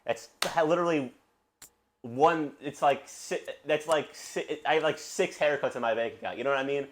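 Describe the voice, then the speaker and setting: A man's voice: a little high, moderate pace, slight background noise. A young man from Brooklyn, hosting a podcast and telling rambling, profane stories in casual chat. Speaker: podcast host.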